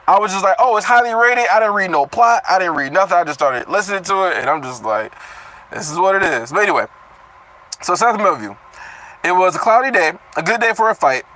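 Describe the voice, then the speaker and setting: A young man with a bright, fairly high voice reads a fantasy chapter aloud on a live stream. He keeps breaking off to riff with loose, profane commentary and trips over tricky words. It is casual and unpolished. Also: low-quality recording. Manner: animated, swears freely, breaks off reading to riff, stumbles over words. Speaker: reaction streamer reading a web novel aloud.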